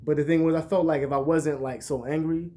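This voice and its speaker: A young man vlogging, talking in a casual, profane, rambling way and telling stories with animated bursts. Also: a little high, a little fast. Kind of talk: casual monologue to camera.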